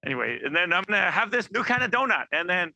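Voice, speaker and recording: A man giving an informal sermon, animated and acting out quoted voices, with many restarts. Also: high voice, fast talker, vocal fry, dry recording. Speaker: preacher.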